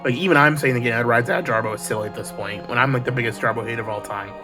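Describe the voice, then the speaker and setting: A man's voice: medium pitch, very fast, over music. Male video creator, profane preachy rant, mid-range voice. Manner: heated, preachy, swears constantly. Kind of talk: profane ranting monologue.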